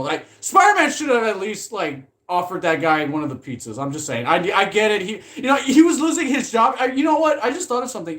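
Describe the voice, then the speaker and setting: A man chatting casually about films in a loose, rambling way. He gets animated, swears freely, and laughs often between thoughts. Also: fairly high pitch. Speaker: movie commentary vlogger. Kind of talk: casual chat.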